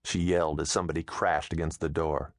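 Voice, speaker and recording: A man narrating an audiobook in a steady, measured storytelling manner, close to a studio mic. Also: extremely low pitch, dry recording.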